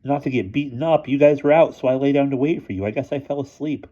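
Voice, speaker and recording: A man's voice: lowish voice, steady tone, a little fast, warm tone, highs cut off, lightly acted. A man voicing a nervous teenage schoolboy who brings bad news hesitantly.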